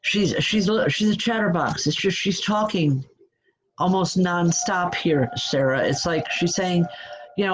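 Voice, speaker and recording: A woman working as a spiritual medium, giving a live online reading. She talks in a halting, stop-start way, restarting her sentences as she passes on messages gently and reassuringly. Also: fairly low pitch, poor audio.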